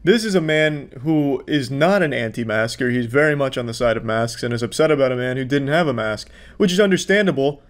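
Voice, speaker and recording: A man doing sarcastic video commentary in a deadpan, mocking voice, swearing freely. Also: medium pitch, brisk, few pauses. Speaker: commentary host.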